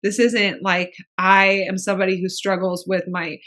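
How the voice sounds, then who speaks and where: Pregnant lady cohost, chatty n frank, swears a bit, middle pitch. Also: level tone, moderate pace, a bit bright. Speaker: podcast co-host. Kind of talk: casual podcast chat.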